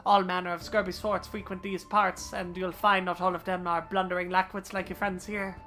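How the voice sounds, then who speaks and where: A woman's voice: lowish voice, level tone, moderate pace, sharp tone. A wry male rogue full of old slang, cocky and knowing, as a woman reads him aloud. Faint game music plays behind him. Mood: sly. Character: slangy roguish male thief, sly and wry.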